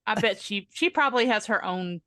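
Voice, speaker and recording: A woman's voice: mid-range voice, lively intonation, fairly quick, fairly bright tone, dry recording. A woman co-hosting a podcast, chatting casually and talking her points through thoughtfully. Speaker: podcast co-host. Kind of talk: casual chat.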